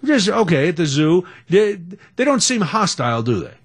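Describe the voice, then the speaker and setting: Animated chatty male radio host. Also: sits high, moderate pace, husky. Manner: animated, chatty, self-deprecating storyteller. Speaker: radio talk show host. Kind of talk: casual storytelling.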